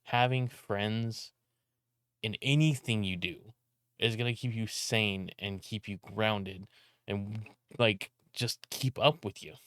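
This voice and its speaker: A young man ranting casually to camera about content creation, talking loudly with frequent restarts and some swearing. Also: on the low side, takes it slowly, clean tone, no room sound, studio quality. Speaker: content creator and video editor. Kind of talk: casual vlog rant.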